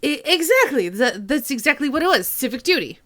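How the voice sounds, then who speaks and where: A woman voicing a nervous, shifty male tenant who stammers and rambles through loud excuses. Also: sing-song, measured pace, slight background noise, heavily acted. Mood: evasive. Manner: stammering, high-strung, loud.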